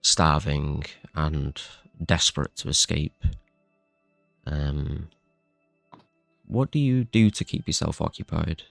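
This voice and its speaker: A man with a very deep, gravelly voice runs a tabletop game and narrates at an easy pace. The recording is close and dry, with faint music in the background. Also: lively intonation, a bit bright, no room sound. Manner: unhurried, with fillers. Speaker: game master.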